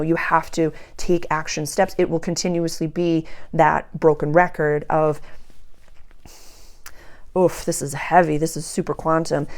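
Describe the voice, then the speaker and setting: Low-voiced woman giving an earnest reading. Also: a little mellow, clear, resonant tone. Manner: earnest, emphatic, repeats phrases for emphasis. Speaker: astrology and tarot reader. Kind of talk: casual spoken intuitive reading.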